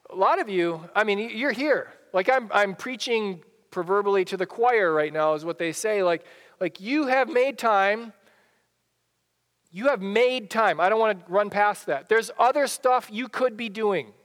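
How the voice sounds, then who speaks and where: A man's voice: high-pitched, normal speed, fairly bright tone, long reverb tail. A male pastor giving a sermon in a conversational way, often repeating and restarting his phrases. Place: church sanctuary.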